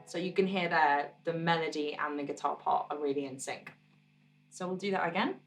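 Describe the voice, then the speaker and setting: Relaxed woman teaching guitar. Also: deep voice, fairly quick, distant mic. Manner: relaxed, encouraging, counts beats aloud. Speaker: musician teaching her own song. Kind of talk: guitar tutorial explanation.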